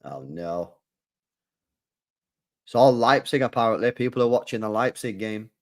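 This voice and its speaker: A young man live-streaming a football watchalong, excitable and loudly groaning at what he sees. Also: fairly low pitch, normal speed. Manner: excitable, shouting groans of disgust.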